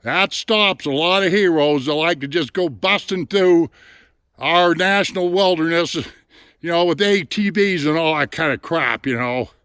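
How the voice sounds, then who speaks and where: A man's voice: on the high side, a little slow, a bit bright, smooth, dry recording, studio quality. A middle-aged man chatting casually as he films a mountain trail outdoors, a bit out of breath, folksy and plain-spoken, recorded on a handheld camera mic. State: somewhat out of breath. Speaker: hiking vlogger. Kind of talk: casual narration while hiking.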